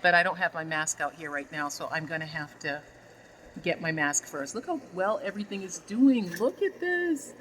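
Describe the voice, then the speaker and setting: A woman's voice: on the low side, expressive, moderate pace, fairly bright tone, slight background noise, low-quality recording. A woman vlogging a casual tour of her greenhouse, gushing affectionately and talking to her plants as she walks around with a handheld phone.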